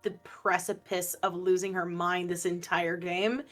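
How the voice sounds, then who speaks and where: Bright-voiced woman arguing her case. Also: lowish voice, measured pace. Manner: animated, argues her case. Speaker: player. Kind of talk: playing a tabletop game.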